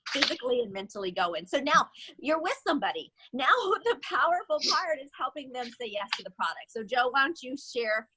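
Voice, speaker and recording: A woman with a high voice gives a motivational sales talk. Her tone is bright and a little husky. She tells stories in an animated way and acts out the voices she quotes. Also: brisk, rough recording.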